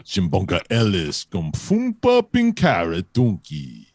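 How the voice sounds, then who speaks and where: Jabba, a man doing a gravelly alien boss. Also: huge pitch swings, a little slow, darkish tone, exaggerated voice. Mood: boisterous. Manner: booming alien gibberish. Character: huge male alien gangster boss, gruff.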